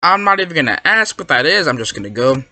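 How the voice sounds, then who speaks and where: A gamer giving excitable, rambling commentary while playing, yelping and protesting whenever a trick fools them. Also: mid-range voice, fast talker. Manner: excitable, yelps and protests when fooled; rambling, self-correcting. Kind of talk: Minecraft gameplay commentary.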